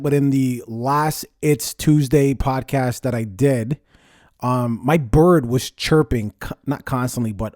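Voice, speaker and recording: A man hosting a casual podcast, talking in a lively, conversational way and stressing words as he rants. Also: mid-range voice, no echo, clean studio sound. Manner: lively, conversational, ranting with emphasis. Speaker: podcast host. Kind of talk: casual solo podcast talk.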